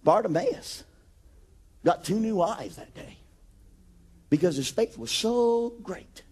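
A man preaching a sermon with rising passion, acting out Bible scenes and building to shouted declarations. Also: sits high, animated, slow pace, slightly rough. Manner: acts out Bible scenes in quoted voices.

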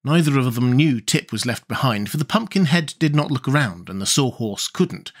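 A man reading a children's fantasy storybook aloud as an audiobook narrator, measured and expressive. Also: mid-range voice.

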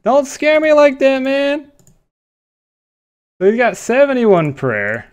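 A young man giving live commentary on his own gameplay, excitable, laughing often and swearing. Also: very high voice, takes it slowly, clear, resonant tone, muffled recording. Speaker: gaming YouTuber.

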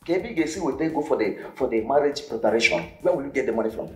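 A man's voice: mid-range voice, racing, lightly acted. An actor playing a blunt, scolding male friend in a film drama, speaking with a Nigerian accent and slipping into pidgin. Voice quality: lively, exclaiming, mixes in pidgin. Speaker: Benjamin's friend. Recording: echoey room, faint music.

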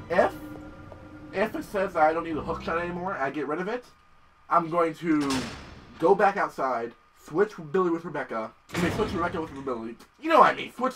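A young man commentating his gameplay, excitable and profane, often yelling at the game. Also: on the high side, recorded from a distance. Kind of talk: let's play commentary.

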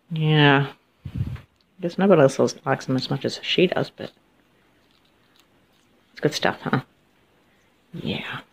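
A young woman chatting casually to her pet parrots, cooing and doting, often laughing softly as she films them. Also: sits low, slight background noise. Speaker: vlogger and pet bird owner.

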